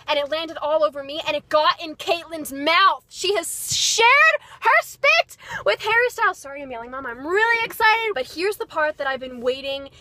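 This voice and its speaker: A young woman vlogger excitedly telling a story, gushing and breathless with lots of fillers. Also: high voice. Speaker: beauty vlogger.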